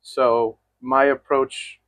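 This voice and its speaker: A young adult man, a guest talking about friendship in a reflective, measured way. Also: medium pitch, flat delivery, fairly bright tone, no room sound. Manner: reflective, measured, thinks aloud with fillers. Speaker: guest, host's best friend. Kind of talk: candid chat between friends.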